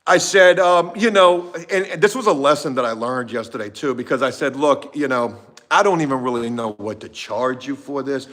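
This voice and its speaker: A man vlogging about his painting job, telling a story in a casual, profane, animated way, going from shouts down to mutters. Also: mid-range voice, moderate pace. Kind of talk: casual storytelling to a live chat.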